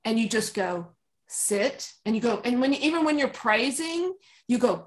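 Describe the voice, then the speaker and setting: A woman dog trainer speaking as an interview guest, calm and emphatic, often laughing and acting out commands she gives to dogs. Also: a little high, normal speed. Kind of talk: conversational interview.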